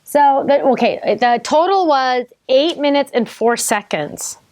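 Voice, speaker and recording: A woman hosting a card-making tutorial, chatting excitedly as she works and bantering with someone off camera. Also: high voice, a little slow, no room sound. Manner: thinks aloud with small self-corrections. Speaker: craft tutorial host. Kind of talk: casual crafting demo, narrating each step.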